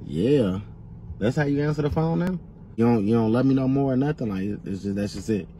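A man's voice: mid-range voice, brisk, mellow, a little hiss or hum. A man in a comedy sketch playing a hurt, pleading boyfriend on a phone call, talking in slang.

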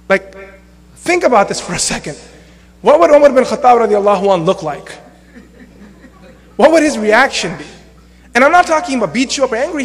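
A young man with a high-pitched voice preaches as an imam, animated and conversational, slipping into acted-out quotes for laughs. His voice rings through a mosque hall with a long reverb tail. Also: fast, pauses often. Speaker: imam and lecturer. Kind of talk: sermon.

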